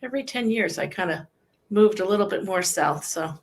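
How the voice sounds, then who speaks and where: A woman's voice: mid-range voice, expressive, a little fast. A woman from New Jersey chatting on a podcast, easygoing with a wry touch. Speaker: podcast co-host. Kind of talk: casual group chat.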